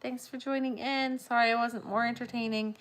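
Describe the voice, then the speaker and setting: A woman's voice: fairly high pitch, little pitch movement, a little fast, a bit bright. Sleepy woman chatting on a livestream. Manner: sleepy, rambling, reads viewer comments aloud. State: tired and yawning. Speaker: crochet livestream host. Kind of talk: casual livestream chat.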